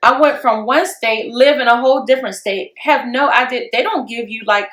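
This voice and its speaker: A woman co-hosting a casual podcast chat, telling stories with animated quoted voices. Her voice sits a little high, and the room is noticeably echoey. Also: normal speed, hardly any pauses. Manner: animated storyteller, acts out quotes with rising pitch. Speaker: podcast co-host. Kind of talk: casual discussion.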